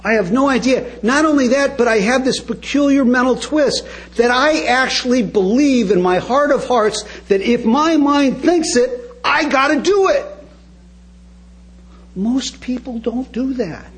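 A man's voice: very high voice, a little slow, rough recording. A man speaking at a recovery meeting, telling his story to the audience with wry, comic timing and frequent direct asides to them.

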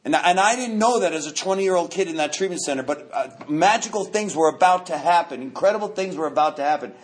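A man's voice: a little high, fast talker. New man telling his recovery story. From New York. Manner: animated, joking, repeats words as he restarts. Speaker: recovery meeting speaker. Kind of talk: storytelling talk at a recovery meeting.

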